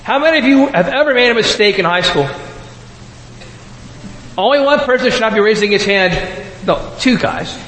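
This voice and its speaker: A man delivers a light, story-driven sermon and calls out to people in the audience. His voice sits fairly high. It rings through a large, reverberant hall over a faint wash of ambience. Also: expressive, normal speed, long pauses, a bit bright, a little hiss or hum. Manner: humorous, storytelling, addresses the audience directly. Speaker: preacher. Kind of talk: conversational sermon.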